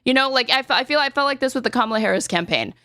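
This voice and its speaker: A woman's voice: sits high, lively intonation, sharp tone, no room sound. Argumentative woman in casual political chat. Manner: rapid, argumentative, heavy on filler words and swearing. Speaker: podcast host.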